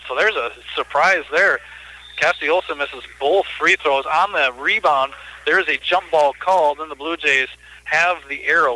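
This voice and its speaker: On local radio, a man calls the play-by-play of a girls' basketball game. His voice sits on the high side with a sharp tone, and the audio quality is poor.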